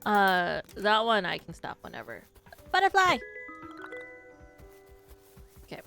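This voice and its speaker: A woman's voice: fairly low pitch, big pitch swings, normal speed, vocal fry, a bit bright, soft background music. A young woman chatting to her stream viewers while gaming, telling a story with lots of fillers and restarts.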